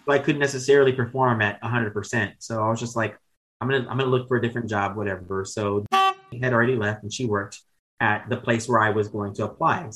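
A man's voice: fairly low pitch, fairly even intonation, fast talker, a bit bright, poor audio. A man in his thirties telling candid, rambling stories as a podcast guest, with casual swearing and self-corrections. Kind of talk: casual storytelling chat.

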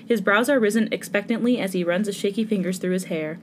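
A woman's voice: medium pitch, fast talker, a little hiss or hum. A woman narrating a fanfic aloud in a casual way, laughing now and then. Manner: casual, breaks into laughter while reading. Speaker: fanfic reader.

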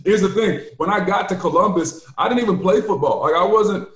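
A man in his forties, a sports show host and former football player, telling candid stories in casual sports talk with animated quotes. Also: high-pitched, fairly quick, echoey room.

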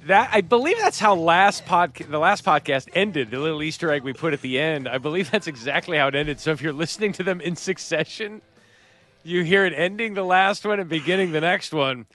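A man's voice: a little high, brisk, a bit bright. Wry, teasing male podcast co-host. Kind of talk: casual chat.

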